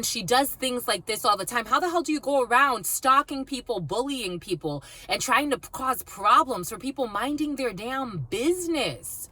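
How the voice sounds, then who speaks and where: A woman's voice: a little high, pushed and bright. A woman reading cards for her viewers, telling a story in a blunt, profane, casual way. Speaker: psychic card reader.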